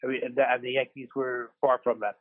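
Fast-talking man on a tinny phone line. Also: mid-range voice, little pitch movement. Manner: rambling, self-deprecating, halting restarts. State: recovering from surgery in hospital. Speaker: podcast co-host. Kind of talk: casual sports podcast chat. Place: hospital room.

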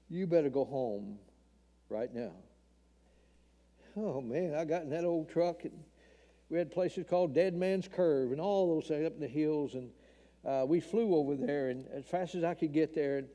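A man's voice: on the high side, dark tone. An older man from Tennessee, earnestly and emotionally telling a personal testimony in a church talk. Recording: long hall reverb.

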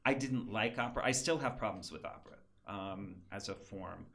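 A man's voice: lowish voice, normal speed, creaky, fairly bright tone. A man speaking as a guest librettist in a casual interview, chatty and self-deprecating, often laughing.

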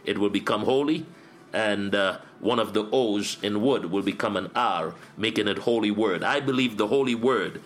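In an interview, a middle-aged man speaks as a pastor, his voice on the low side and his pace moderate. He builds each point through earnest repetition, keeping a preacher's steady rhythm.

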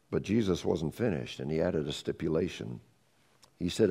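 Man preaching a sermon, lively pitch, acts out dialogue, loud then hushed. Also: normal speed, gravelly, breathy edge, big-room sound. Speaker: pastor.

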